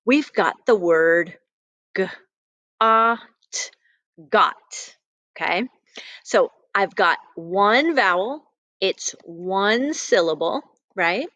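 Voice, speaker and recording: A woman's voice: mid-range voice, a bit bright, no room sound. A woman teaching a phonics lesson to young children, patient and sing-song on key words.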